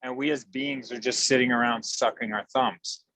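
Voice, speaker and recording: A man coaching a group on a call, blunt and irreverent, pausing for an interpreter. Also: mid-range voice, fairly even intonation, fairly bright tone, no room sound, rough recording. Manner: blunt and irreverent, with sudden jokes. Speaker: facilitator speaking through an interpreter. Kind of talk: casual spoken coaching on a call.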